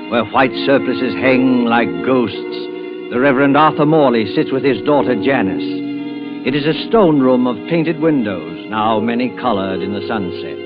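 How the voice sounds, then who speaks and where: Man setting the scene in an old radio play, slow and atmospheric, loud music underneath, muffled sound. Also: mid-range voice. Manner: measured, atmospheric. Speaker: narrator.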